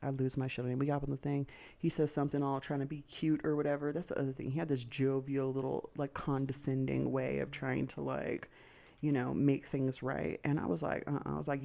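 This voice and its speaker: A woman's voice: a bass voice, flat delivery, creaky, mellow. A woman podcast host telling a candid personal story, swearing freely, venting hot anger and briefly mimicking other people's lines. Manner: profane, venting and heated, with quick mimicry of others.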